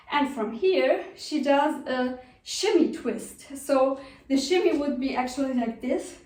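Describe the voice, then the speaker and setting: A young woman with a German accent teaching belly dance, patiently counting and calling out the steps as she dances. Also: sits high. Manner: patient, counts steps aloud while dancing. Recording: echoey room from far off.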